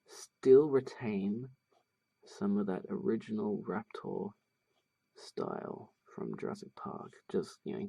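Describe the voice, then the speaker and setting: Male tutorial host, husky and mellow, talks casually and hesitantly while he draws. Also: lowish voice. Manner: thinking aloud, hesitant with many fillers. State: has the hiccups. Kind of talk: casual drawing tutorial voice-over.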